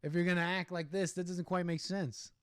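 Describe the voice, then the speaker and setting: A man's voice: high voice, little pitch movement, fairly quick, no echo, studio quality. A man hosting a stream, ranting sarcastically and indignantly over a video clip and laughing at his own jokes. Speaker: streamer host.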